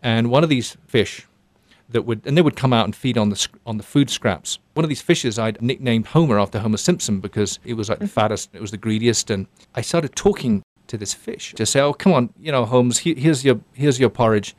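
A middle-aged man recounting an ocean voyage in a reflective, halting way, often restarting words. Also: mid-range voice, expressive, no room sound. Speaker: ocean adventurer. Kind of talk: recounting a story in an interview.

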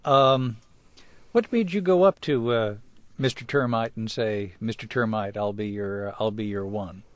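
A man interviewing guests in a polite, measured broadcast style. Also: lowish voice, no room sound.

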